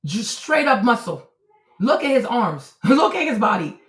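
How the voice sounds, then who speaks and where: A woman hosts a live stream in a blunt, profane, lecturing way, talking straight to a viewer in her chat. Her voice sits high, and the room around her rings with echo. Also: very animated, measured pace. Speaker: livestream host.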